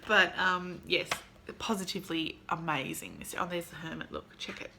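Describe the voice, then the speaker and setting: A woman vlogger in casual chat, gushing and excitable as she shows off her haul, with lots of fillers. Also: lowish voice, normal speed, creaky, heavy background noise. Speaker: vlogger showing a tarot deck haul.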